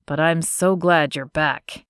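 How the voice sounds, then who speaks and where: A woman narrator voicing a smitten young man, the earnest romantic lead of an audiobook, in a slightly lowered, tender delivery. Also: fairly even intonation, slow, a bit bright, clear, resonant tone, no room sound, studio quality. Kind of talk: audiobook character voice.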